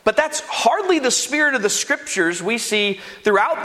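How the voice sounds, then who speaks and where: A male pastor delivers a sermon in a church, earnest and building to emphatic points, with playful asides. His voice sits high for a man, and a long hall reverb hangs on every phrase. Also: big pitch swings, moderate pace, hardly any pauses, pushed and bright. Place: church sanctuary.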